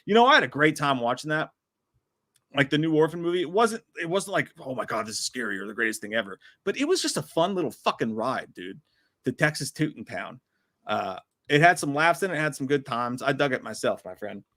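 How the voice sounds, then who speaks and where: A man's voice: mid-range voice, big pitch swings, a little fast, fairly bright tone. A man co-hosting a live movie stream in a casual, profane, laughing chat style. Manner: profane, laid-back, laughs often. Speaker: podcast co-host.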